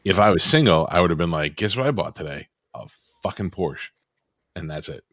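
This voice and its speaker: Low-voiced man swearing through casual podcast banter. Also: animated, brisk, fairly bright tone, no room sound, studio quality. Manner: profane, storytelling banter. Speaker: podcast co-host. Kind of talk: casual chat.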